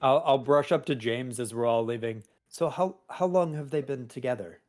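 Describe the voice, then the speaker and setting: A man playing a tabletop role-playing game, speaking in character as a courteous, hesitant gentleman who often restarts his words. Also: mid-range voice, moderate pace. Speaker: player.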